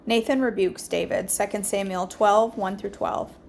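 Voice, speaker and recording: A woman hosting a daily devotional reads scripture aloud at an average pitch for a woman. Her reading is steady and earnest, with small slips that she corrects as she goes. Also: moderate pace, creaky. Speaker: devotional host.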